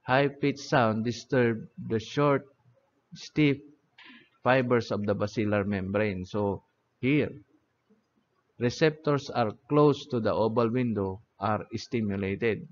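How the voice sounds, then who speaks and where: A man's voice: lowish voice, slow pace. A man teaching an anatomy lecture, often checking in with "okay?" and "no?". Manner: repeats "okay?" and "no?" checking on listeners. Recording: dull lo-fi audio.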